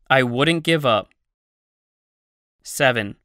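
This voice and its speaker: Very slow reader, bright crisp voice, deliberate pauses, scripted phrasebook reading. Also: medium pitch, animated, dry recording, studio quality.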